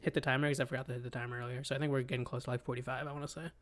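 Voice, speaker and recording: A young man co-hosting a casual podcast, telling animated, rambling stories. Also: medium pitch, rapid-fire. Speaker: podcast co-host. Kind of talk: casual chat.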